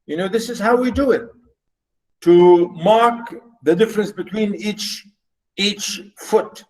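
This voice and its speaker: A man's voice: sits high, takes it slowly, a little mellow, low-quality recording. A man lecturing students over a video call, explaining poetic meter in a rambling way with many fillers and repeats. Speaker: university literature lecturer.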